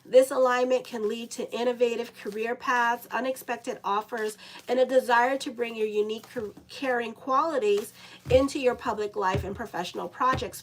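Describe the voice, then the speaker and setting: Sick and dealing with dry lips, a woman astrologer gives a casual horoscope reading in a slightly high voice. She's chatty, swears and laughs at her own asides, and the audio is poor.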